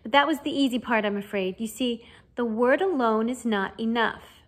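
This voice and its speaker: A kindly middle-aged wizard teacher, as a woman reads him in a storybook reading. He explains things gently and cheerfully, coaxing his pupils along with calm encouragement. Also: on the high side, moderate pace, lightly acted. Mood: encouraging. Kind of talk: fan audiobook reading.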